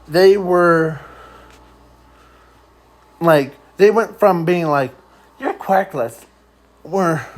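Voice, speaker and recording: Man, fan storyteller, rambling and halting, slightly high voice, drawn-out unhurried delivery. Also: poor audio. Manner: rambling and halting, trailing off with frequent fillers. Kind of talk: improvised fan story narration.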